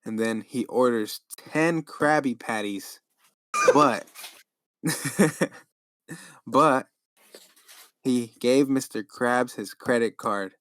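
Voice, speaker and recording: A man's voice: mid-range voice, extremely slow, long pauses, a bit bright, smooth, no room sound. A man co-hosting a podcast, laid-back, chatting and making up a story. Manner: laid-back, says dude often. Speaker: podcast co-host. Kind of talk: casual chat and improvised storytelling.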